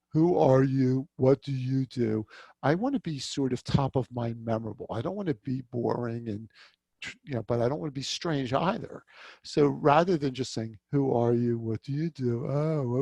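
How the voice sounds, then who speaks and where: A man presenting a small-business networking workshop over a video call, chatty and lively, often asking his audience questions. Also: medium pitch, vocal fry, husky, no echo. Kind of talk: virtual workshop talk. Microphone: video call mic.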